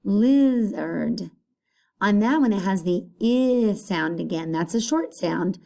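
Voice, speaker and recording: A woman teacher giving a recorded phonics lesson, patient and repeating each word clearly. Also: mid-range voice, expressive, takes it slowly, warm tone.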